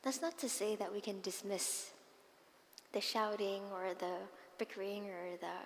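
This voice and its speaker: A woman Buddhist nun giving a dharma talk, telling personal stories expressively with soft, breathy asides. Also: mid-range voice, a little hiss or hum. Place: monastery meditation hall. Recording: long hall reverb with faint ambience.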